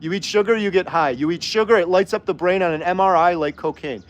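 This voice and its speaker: High-voiced man ranting heatedly. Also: quick pace. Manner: heated, argumentative, rhetorical questions. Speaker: host. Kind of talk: livestream chat and rant.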